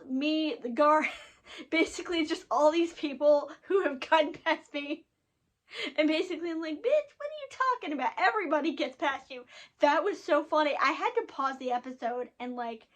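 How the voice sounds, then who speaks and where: A young woman casually recapping and reviewing an animated episode, chatty and animated, with frequent fillers and restarts. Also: high voice.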